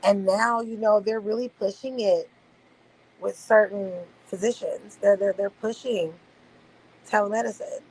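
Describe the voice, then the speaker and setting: A woman's voice: mid-range voice, fairly even intonation, a little slow, slight background noise, poor audio. A woman hosting a casual livestream, chatting loosely with her viewers and swearing freely. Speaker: livestream host. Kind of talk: casual late-night livestream chat.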